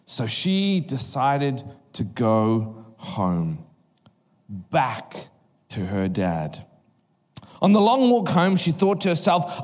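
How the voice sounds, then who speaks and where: A man preaching a sermon in church, telling stories in a lively, conversational way. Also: mid-range voice, slow. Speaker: guest preacher. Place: church hall. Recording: live hall reverb with faint music.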